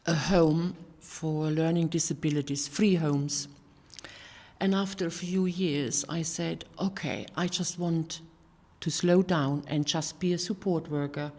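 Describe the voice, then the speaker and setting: A woman's voice: low voice, fairly even intonation, a little mellow. Earnest older woman preaching in a hall. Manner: earnest, halting, with many restarts and fillers. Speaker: sermon giver. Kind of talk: personal testimony sermon. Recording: hall reverb.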